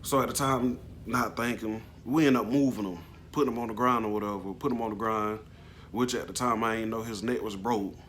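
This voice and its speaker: Man, low-pitched voice, casual storytelling, halting, slangy, emotional. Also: fairly even intonation, a bit bright, slight background noise. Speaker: vlogger telling a personal story.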